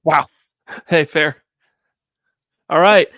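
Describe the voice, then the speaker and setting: A man hosts a casual podcast in an upbeat, easygoing way. His voice sits a little high and has a gravelly fry. The recording is dry and close. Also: drawn-out words, fairly bright tone, no room sound. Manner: upbeat, introduces the segment. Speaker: podcast host.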